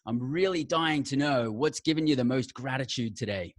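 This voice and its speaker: A man's voice: mid-range voice, normal speed, no room sound. A man hosting a podcast, talking in an enthusiastic, effusive casual way. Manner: enthusiastic, effusive, says "awesome" and "mate". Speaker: podcast host. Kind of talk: casual interview chat.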